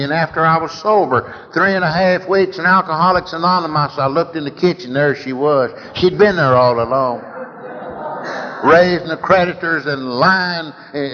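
A man from Texas with a Texan accent, telling his recovery story at a meeting in a folksy, rambling way with repeated words. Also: on the high side. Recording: echoey hall, dull lo-fi sound.

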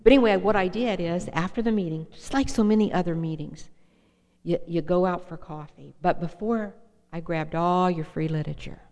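A woman with a low voice tells her own story from a podium, emotional and earnest. Her words ring out with a long reverb trailing through the hall. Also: moderate pace, darkish tone. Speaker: speaker sharing her recovery story at a meeting. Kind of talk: personal testimony talk.

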